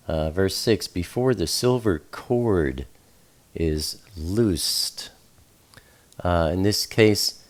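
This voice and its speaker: Slow, low-voiced male Bible teacher. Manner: measured, many fillers, spells out Hebrew letters. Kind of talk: slow, deliberate scripture teaching.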